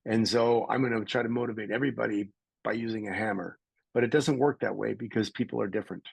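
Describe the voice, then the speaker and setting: A middle-aged man from Canada, a podcast guest telling stories in a lively conversational way and acting out the voices of people he quotes. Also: lowish voice, quick pace, creaky, slightly rough, no room sound, low-quality recording. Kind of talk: conversational storytelling.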